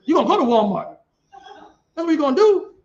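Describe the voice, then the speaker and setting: A man, preaching outdoors and quizzing the crowd in an animated way. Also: very high-pitched, quick pace, creaky, dull audio. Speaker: street preacher. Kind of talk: street preaching debate.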